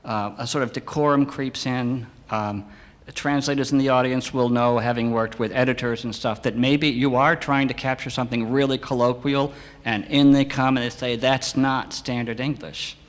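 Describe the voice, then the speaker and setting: A man's voice: medium pitch, fairly even intonation, normal speed. A man moderating a live panel discussion, easygoing and thoughtful. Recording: reverberant hall.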